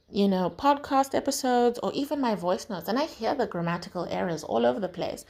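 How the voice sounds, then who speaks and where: A woman's voice: on the high side, a little mellow. A woman from South Africa hosting a podcast, talking frankly in a casual motivational monologue, with lots of swearing and "right?" tags. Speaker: podcast host.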